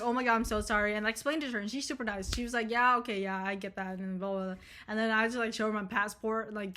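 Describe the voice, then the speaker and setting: A young woman vlogging casually, telling a rambling story full of swearing and animated retellings. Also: on the high side. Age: young adult.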